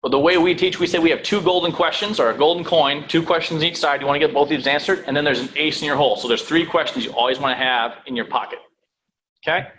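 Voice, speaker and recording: A man teaching real estate sales in a room with an audience, lively, checking in with "right?" and "okay?" and acting out phone calls. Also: a little high, fast, poor audio. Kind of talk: live sales training talk.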